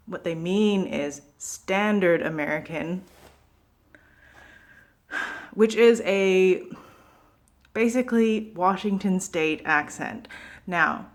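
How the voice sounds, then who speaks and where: Chatty Vancouver woman ranting to camera. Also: on the low side. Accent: Pacific Northwest Canadian. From Canada, Vancouver. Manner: chatty, animated, many asides and fillers. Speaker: vlogger. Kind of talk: casual opinion rant to camera.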